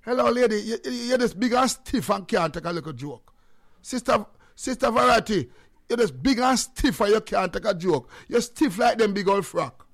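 A man with a Jamaican accent hosting a call-in radio show, loud and joking, slipping into patois. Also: sits high, animated, normal speed.

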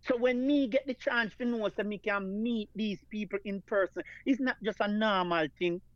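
A man's voice: high voice, moderate pace, dry recording, dull audio. A Jamaican man, a guest performer, tells an earnest story in an interview, repeating phrases and calling his listener "man of God.".

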